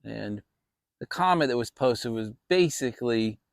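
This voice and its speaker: A man's voice: mid-range voice, animated, unhurried, vocal fry, dry recording, studio quality. A man hosting a casual fireside chat vlog, talking in a rambling, reflective way with many restarts. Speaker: channel host.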